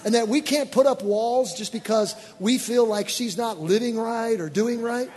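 A man preaching as a pastor, telling stories in an animated, exclaiming way. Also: extremely high pitch, moderate pace. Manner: animated, exclaiming storyteller with bursts of excitement. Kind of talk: sermon storytelling. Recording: church hall reverb.

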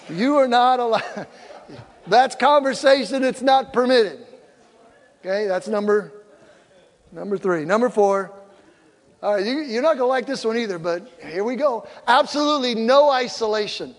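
A man's voice: very high voice, expressive, unhurried, long pauses. An older man preaching a sermon as pastor, humorous, and he acts out little quoted exchanges. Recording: long hall reverb.

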